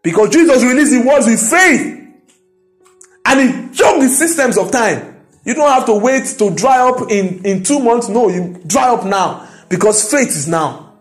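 A high-pitched man preaching. He drives each point home, climbing into loud declarations, with soft music faint in the background. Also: expressive, unhurried. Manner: emphatic, rising to loud declarations. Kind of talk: sermon.

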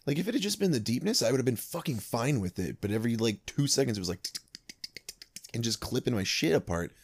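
A man's voice: mid-range voice, lively intonation, fast, slightly rough. A man hosting a podcast, chatting casually and swearing freely as he vents. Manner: profane, ranting. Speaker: podcast host. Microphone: home podcast mic.

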